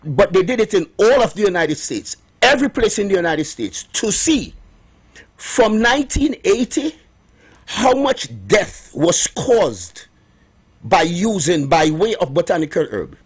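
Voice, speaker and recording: Trinidadian man, radio host, husky voice, emphatic, repeats himself, middle-aged. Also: high voice, very animated. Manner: emphatic, repeats key points slowly. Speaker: radio host promoting herbal remedies. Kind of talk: morning radio talk.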